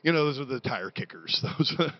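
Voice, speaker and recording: A middle-aged man preaching a sermon in a church, moving between quiet confession and loud shouting. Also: medium pitch, animated, brisk, muffled recording.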